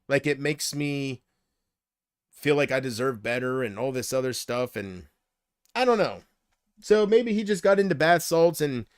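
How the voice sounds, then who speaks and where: A man's voice: on the high side, clean tone, dry recording, clean studio sound. A man chatting casually on a livestream, rambling from thought to thought and often trailing off.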